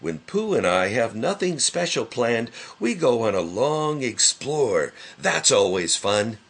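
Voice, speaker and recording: A man's voice: medium pitch, very animated, takes it slowly, creaky, fairly bright tone, breathy edge, exaggerated voice. A man voicing a small, timid male piglet who stammers. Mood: meek.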